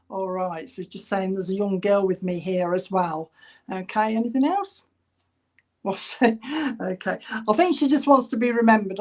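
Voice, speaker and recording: A woman working as a spiritualist medium in an online church service, passing on spirit messages in a halting, chatty way and addressing viewers by name. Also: on the high side. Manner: halting, relays spirit messages with many ums. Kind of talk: online church clairvoyance reading.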